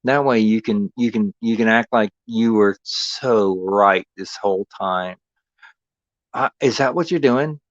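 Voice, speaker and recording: A man's voice: lowish voice, a little slow, no room sound, muffled recording. A man streaming a sarcastic, confrontational rant, repeating his points. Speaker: live streamer. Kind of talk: angry ranting monologue.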